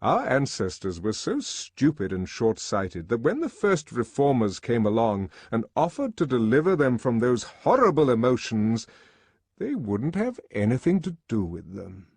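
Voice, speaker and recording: A man voicing a stately older male world controller who lectures in a measured, commanding way. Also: medium pitch, wildly swooping pitch, a little mellow, slightly rough, dry recording, voice pushed up, full character voice. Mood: lecturing.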